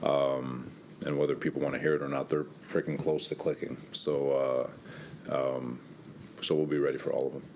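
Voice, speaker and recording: Very low-pitched man, head coach at a press conference, candid and conversational, slightly winded. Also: little pitch movement, normal speed, a little mellow, a little hiss or hum. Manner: candid, conversational, thinks aloud. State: a little winded. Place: press room.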